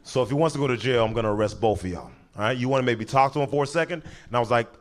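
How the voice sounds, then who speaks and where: A man doing stand-up, telling a long story and acting out the people in it with quick voice changes. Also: medium pitch. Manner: animated, acts out characters in quick voices, breaks into laughter. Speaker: stand-up comedian.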